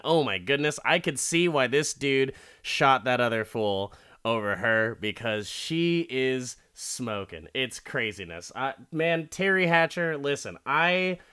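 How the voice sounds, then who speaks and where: A young man talks through a TV episode in a loose, rambling way, cursing freely and slipping into short impressions of the characters. His delivery is slow and unhurried, and his voice comes across smooth and clear. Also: medium pitch, animated, a bit bright. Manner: rambling and profane, acting out characters in quick impressions. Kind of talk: casual episode recap.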